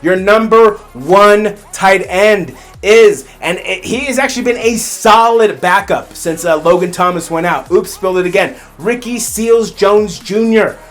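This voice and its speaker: High-voiced man ranting fantasy football picks. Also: measured pace, hardly any pauses, fairly bright tone. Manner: rambling, repeats phrases, fires up into ranting. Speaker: fantasy football podcast host. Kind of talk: solo fantasy sports picks rundown.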